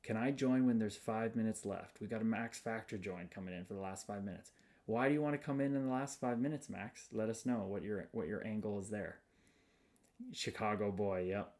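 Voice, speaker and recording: Gravelly-voiced man hosting a livestream. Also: fairly low pitch, a little fast, darkish tone. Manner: upbeat, spiritual catchphrases, greets viewers by name. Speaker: livestream host. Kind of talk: casual livestream chat reading viewer comments.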